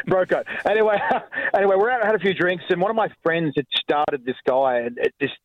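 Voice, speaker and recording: Radio caller on a dull line. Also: male voice, high voice, brisk, no room sound. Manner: laughing, storytelling.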